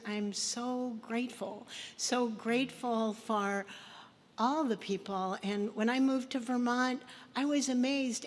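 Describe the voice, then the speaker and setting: A woman giving a short acceptance speech at an award event, grateful and slightly halting. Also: fairly high pitch. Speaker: award recipient. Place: event hall. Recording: long hall reverb with faint noise.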